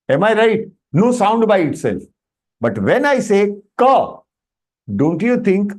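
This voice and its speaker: A man with an Indian English accent teaching Sanskrit in an online class, explaining patiently and checking with students, slipping into Hindi phrases. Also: a little high. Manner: animated explaining, often checks with "Am I right?".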